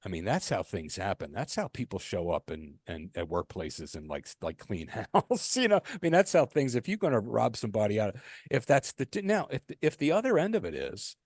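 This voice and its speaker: Animated, rambling man telling a story. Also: lowish voice, brisk, husky, no echo, clean studio sound. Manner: rambling storyteller, many restarts and fillers; swears casually, laughs mid-story. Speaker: podcast co-host. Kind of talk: casual podcast chat.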